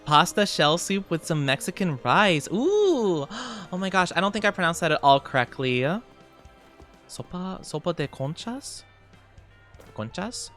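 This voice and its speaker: A chatty streamer talks casually with viewers while playing, with a bright, forward voice and frequent giggles. Faint music plays underneath. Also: mid-range voice, sing-song, normal speed. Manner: chatty and giggly, answers chat messages. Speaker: streamer reading chat. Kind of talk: casual livestream chat over gameplay.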